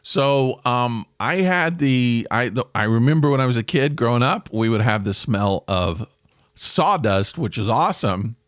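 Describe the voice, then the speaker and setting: A middle-aged man hosting a casual solo podcast, rambling and self-deprecating, jumping up in pitch for emphasis. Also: expressive, a little slow, no echo, studio quality. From American South. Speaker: podcast host.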